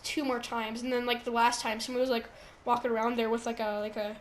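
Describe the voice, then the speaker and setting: A teenage girl hosts a casual podcast, rambling and stacking up fillers. Her voice sits high, with a light hiss of room noise behind it. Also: flat delivery, fast. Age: teens. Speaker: podcast host. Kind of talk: casual chat.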